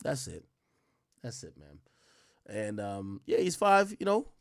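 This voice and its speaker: A man hosting a livestream, reacting to a clip in an animated, slangy, profane way and thinking out loud. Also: mid-range voice, slow, creaky. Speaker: livestream commentary host. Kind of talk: live-stream reaction commentary.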